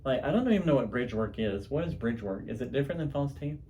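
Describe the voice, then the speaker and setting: A man's voice: mid-range voice, sing-song, fast, mellow, a little hiss or hum. A man co-hosting a home podcast, telling stories in a rambling, chatty way with many restarts. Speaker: podcast co-host. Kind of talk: casual chat.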